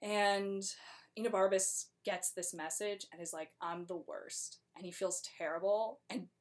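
A young woman retells a play in a loose, casual way. She is chatty and breaks into quick character voices as she goes. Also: medium pitch, steady tone.

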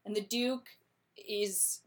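A woman casually recapping a plot in a chatty, slangy way, with quick laughs. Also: mid-range voice, steady tone.

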